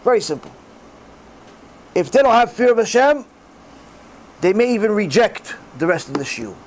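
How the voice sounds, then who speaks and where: A middle-aged man giving a religious class in sermon style, animated and acting out the voices he quotes. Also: high-pitched, normal speed, low-quality recording. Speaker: rabbi giving a Torah class.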